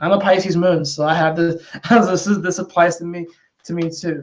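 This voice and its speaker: A man's voice: high voice, fairly even intonation, normal speed, a little hiss or hum. A man giving a casual, rambling astrology and tarot reading, full of fillers and repeated phrases. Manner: rambling, conversational, many fillers and repetitions. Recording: dull lo-fi sound.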